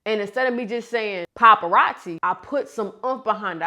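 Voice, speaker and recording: A woman from Philadelphia giving a casual rap lesson, talking in animated, slangy bursts and acting out bars to demonstrate. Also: mid-range voice, fairly quick, hardly any pauses. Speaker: rap coach and YouTube creator.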